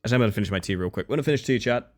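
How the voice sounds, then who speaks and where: An Australian man streams a game and chats casually with his viewers, his voice on the low side and rapid-fire. He rambles, swears casually, and keeps breaking off and restarting his sentences.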